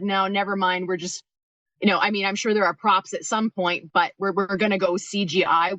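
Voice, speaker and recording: A woman's voice: medium pitch, a bit bright, no room sound. Careful woman co-host on a dull line. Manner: careful, hedging questioner. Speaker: podcast co-host. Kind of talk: casual interview questions.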